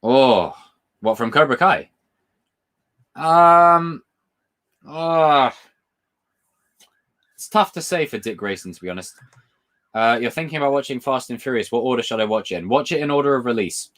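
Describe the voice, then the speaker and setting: Man, live-stream host, casual chat, lively swooping pitch, laughs a lot, reads chat questions aloud. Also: normal speed, pauses often. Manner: excitable, laughs a lot while telling stories; reads viewer questions aloud and answers them.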